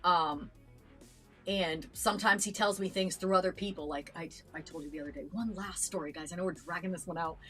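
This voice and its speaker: A woman's voice: fairly low pitch, fairly quick, a bit bright, breathy edge, faint music behind. Earnest chatty woman telling a story. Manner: earnest storytelling with filler words and restarts. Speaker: reaction channel co-host. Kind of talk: casual chat.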